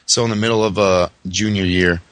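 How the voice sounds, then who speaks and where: A man's voice: sits low, fairly even intonation, brisk, a bit bright, no room sound. A man from Massachusetts, a podcast host, telling a boastful, profane story in casual chat.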